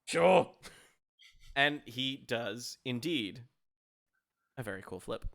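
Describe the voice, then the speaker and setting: A man running a tabletop game as game master, narrating in a loose, giggly way. His voice is bright and at a middle pitch. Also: lively intonation, slow, vocal fry.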